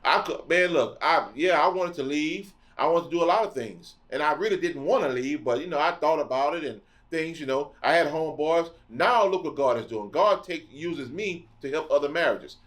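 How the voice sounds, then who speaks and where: A man's voice: a little high, lively intonation, normal speed, few pauses, a bit bright. Impassioned middle-aged man preaching bluntly. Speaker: podcast host. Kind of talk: preaching monologue.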